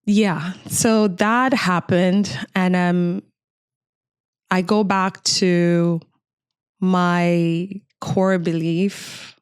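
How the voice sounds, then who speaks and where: A woman's voice: fairly low pitch, steady tone, very slow, smooth, dry recording, clean studio sound. A middle-aged woman from Cameroon, a podcast guest earnestly recounting a frightening personal memory in conversation.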